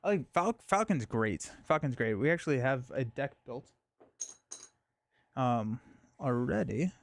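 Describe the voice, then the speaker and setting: A man's voice: medium pitch, sing-song, moderate pace. A man hosting a live stream, chatting casually and thinking aloud, with frequent fillers and restarts.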